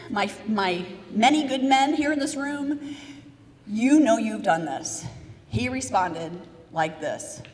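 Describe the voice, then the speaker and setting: Her voice high-pitched, a motivational speaker from the United States delivers a lively keynote in a big event hall. She tells a story energetically, questions the audience, and directs them, with the hall's reverb audible.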